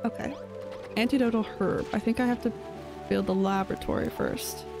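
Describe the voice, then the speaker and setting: A woman's voice: medium pitch, fairly even intonation, moderate pace, vocal fry, over music, rough recording. A young woman streamer chatting casually while she plays, rambling with lots of fillers. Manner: rambling, filler-heavy chat. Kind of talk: casual gameplay chat.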